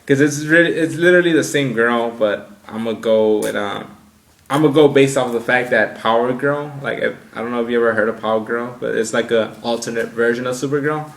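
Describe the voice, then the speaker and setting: A man's voice: medium pitch, fairly quick, gravelly. Profane ranting man in an echoey room. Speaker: podcast co-host. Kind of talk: casual podcast banter. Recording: echoey room with faint noise.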